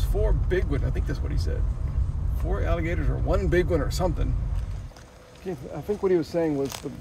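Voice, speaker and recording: Chatty man with a gravelly voice. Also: a little high, noisy background. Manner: chatty, wry and self-mocking. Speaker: travel vlogger. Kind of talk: casual travel vlog narration. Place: outdoors by a swamp.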